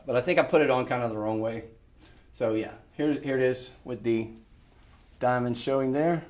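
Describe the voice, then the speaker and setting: Chatty man pitching jewelry in a roomy studio. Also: recorded from a distance. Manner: chatty, piles up descriptive words. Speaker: shopping channel host. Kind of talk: live shopping sales pitch. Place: shopping channel studio. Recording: roomy sound, voice off-mic.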